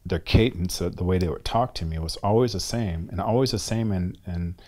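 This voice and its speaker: A middle-aged man, a guest in an interview, telling his story with animated energy, acting out conversations and often repeating words as he restarts. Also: low-pitched, a little fast. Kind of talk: candid storytelling in a long-form interview.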